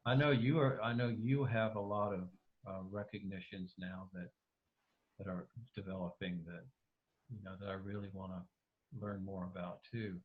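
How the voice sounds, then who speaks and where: A man's voice: low voice, flat delivery, normal speed, narrow, tinny audio. A man being interviewed over a video call, speaking hesitantly with many restarts and fillers. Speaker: interview guest.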